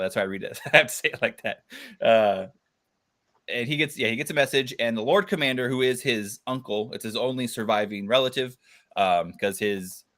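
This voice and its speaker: A man leads a casual book discussion on a video call. He talks loosely and warmly, with plenty of fillers and frequent laughter. His voice sits at an ordinary middle pitch. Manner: laughs often, chatty with many fillers. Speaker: book club host.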